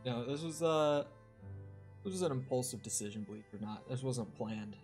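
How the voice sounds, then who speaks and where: A young man live-streaming a game, talking loosely to his chat with a voice of ordinary pitch. He drifts between greetings and mild cursing as he plays. Soft music hums faintly behind him. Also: moderate pace. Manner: chatty, swears, talks to chat while playing. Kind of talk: casual live-stream chat over gameplay.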